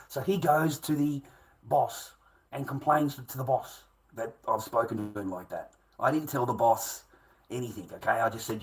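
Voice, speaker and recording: A man's voice: medium pitch, brisk, rough recording. Foul-mouthed man, rambling. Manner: swears constantly, restless and repetitive. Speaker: storyteller. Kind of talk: rambling profane personal story.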